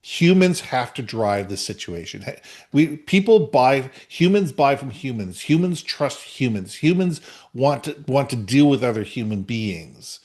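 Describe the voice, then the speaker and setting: A man's voice: medium pitch, animated, unhurried, darkish tone. A man co-hosting a business podcast in casual conversation, speaking earnestly and often repeating words as he thinks. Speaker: podcast co-host.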